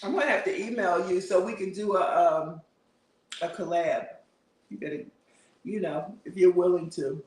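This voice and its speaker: A man's voice: high-pitched, moderate pace, a little mellow, distant mic. A man hosting a casual livestream, chatting and answering viewer comments with frequent laughter. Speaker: livestream host. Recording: roomy, a bit off-mic.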